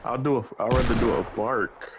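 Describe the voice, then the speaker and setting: A man's voice: medium pitch, fairly even intonation, fairly quick, very noisy. A man in casual gaming voice chat, blunt, profane and teasing toward his friends. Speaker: gamer.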